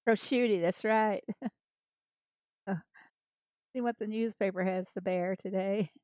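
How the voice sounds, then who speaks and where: A woman's voice: medium pitch, steady tone, unhurried, a little mellow, no echo. An American woman chatting casually with viewers as she streams a farming game, greeting them by name and laughing often. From United States. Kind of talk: casual livestream chat.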